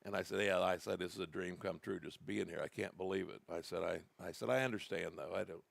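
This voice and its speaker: A man's voice: low-pitched, steady tone, quick pace, gravelly, dry recording. A man co-hosting a podcast, telling long rambling anecdotes in casual chat. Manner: rambling anecdotal storytelling with restarts. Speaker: podcast co-host.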